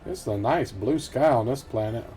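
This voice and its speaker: A man's voice: mid-range voice, moderate pace, dark tone, a little hiss or hum. A middle-aged man chatting casually and ramblingly over gameplay, often chuckling to himself. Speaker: gameplay commentator. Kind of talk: casual let's-play commentary.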